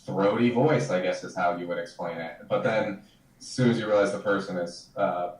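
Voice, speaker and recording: A man with a somewhat low voice riffs in casual podcast chat, biting and well-spoken. He sits away from the mic, and the room rings around him. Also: fairly even intonation, a little fast, reverberant, distant mic, low-quality recording. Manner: sardonic, articulate, dry wit.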